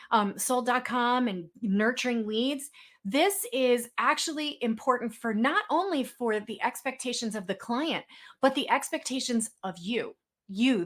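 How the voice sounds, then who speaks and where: A woman's voice: fairly high pitch, a bit bright. Chatty woman giving a webinar talk. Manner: chatty storytelling, acts out quoted exchanges. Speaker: webinar speaker. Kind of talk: webinar presentation.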